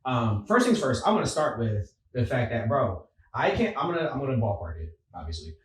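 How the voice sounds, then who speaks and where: A man hosting a podcast, talking in an animated, emphatic casual way and often saying bro. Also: mid-range voice, fairly quick. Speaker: podcast host. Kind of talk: casual conversation. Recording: roomy sound from a distance.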